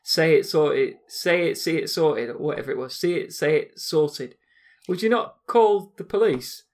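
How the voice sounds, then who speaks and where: A man in a casual chat, teasing his co-host and telling stories with frequent laughs. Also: on the high side. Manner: teasing, storytelling, quick to laugh.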